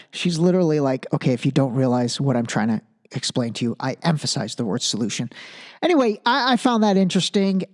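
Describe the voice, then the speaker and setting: A man hosting a solo podcast, talking casually and thinking aloud, restarting phrases and checking in with the listener. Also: sits high. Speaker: podcast host.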